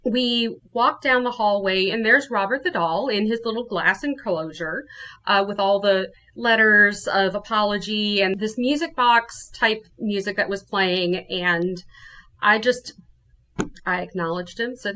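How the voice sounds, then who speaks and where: Lively woman telling a ghost story. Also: medium pitch, normal speed. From New Orleans, USA. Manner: animated, acts out her own quotes. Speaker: guest storyteller.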